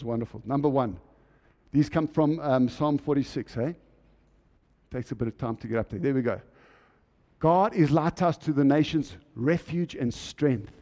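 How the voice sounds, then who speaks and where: A man's voice: mid-range voice, warm tone. A man preaching a sermon in a church, often asking the congregation questions.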